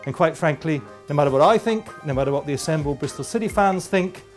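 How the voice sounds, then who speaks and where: A man's voice: fairly high pitch, fast, soft background music. Middle-aged man telling a football story. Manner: storytelling, relaxed anecdote. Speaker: football supporter. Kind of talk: reminiscing interview.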